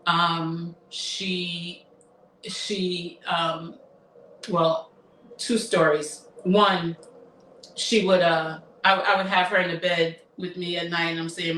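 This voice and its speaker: A woman in her fifties shares a personal story in an emotional, reflective voice, often halting and restarting. Her tone is bright and forward. She sounds a little far from the mic in an echoey room, with a faint hiss behind her. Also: on the low side, level tone. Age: 50s. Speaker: therapist. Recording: roomy echo, somewhat far from mic, faint noise.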